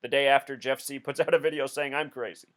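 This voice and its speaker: A man's voice: mid-range voice, fairly even intonation, fast talker, fairly bright tone. A man hosting a video, talking through a casual commentary in an insistent, explanatory way. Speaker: video host.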